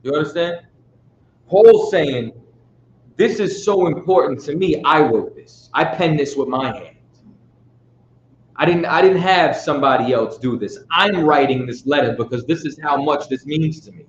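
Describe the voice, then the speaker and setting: A man's voice: fairly high pitch, animated, normal speed. A man teaching a Bible study in a casual, emphatic way, constantly checking that his listeners follow him. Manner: casual street-style speech. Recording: roomy, dull sound with faint noise.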